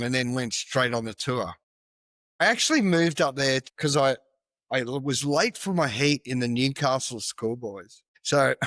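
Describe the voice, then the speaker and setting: A middle-aged man with an Australian accent spins loose, rambling stories with frequent laughs and casual swearing. His voice sits at an ordinary middle pitch and is recorded close and dry, with no room sound around it. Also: a bit bright, dry recording. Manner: rambling, laughing, swears freely, restarts a lot. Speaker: guest, big wave surfer. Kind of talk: casual storytelling interview.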